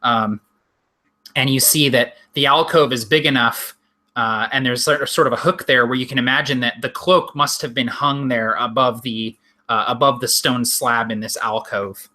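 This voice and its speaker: Bright-voiced man running a tabletop game. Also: medium pitch, steady tone, normal speed. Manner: descriptive, many ums and restarts. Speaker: game master.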